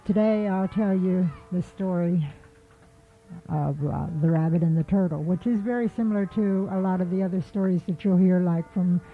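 A woman telling an animal folk tale in a relaxed, rambling storytelling manner. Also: on the low side, normal speed. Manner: relaxed, with frequent fillers and restarts. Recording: tinny phone-like line with faint music.

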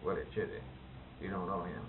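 A man's voice: low-pitched, animated, brisk, background noise. A man in a casual interview, mostly giving short affirmations and asking questions. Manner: brief affirming replies, questioning. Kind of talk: conversational interview. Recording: tinny narrow-band old tape.

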